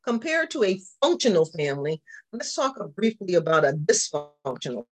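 A man's voice: sits high, sing-song, normal speed. A man with a Southern accent, teaching a church class and asking the group questions as he goes. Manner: repetitive, asks the class questions. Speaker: pastor.

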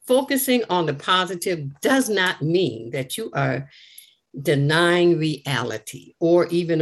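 Older woman, grandmother, devotional speaker; low voice, unhurried earnest delivery with repeated phrases. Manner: slow, earnest, repeats key phrases for emphasis. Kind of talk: inspirational devotional talk.

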